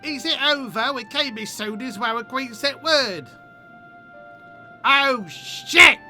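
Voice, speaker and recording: A man's voice: extremely high pitch, normal speed, bright, forceful tone, faint music behind. A male streamer chatting casually and swearing as he reads quest text aloud during play. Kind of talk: casual game commentary.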